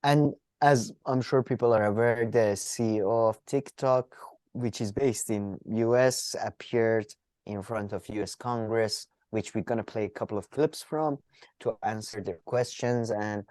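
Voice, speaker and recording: A man co-hosting a casual political podcast, animated and mocking, his voice jumping high when he gets riled. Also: a little slow, no room sound. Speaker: podcast co-host.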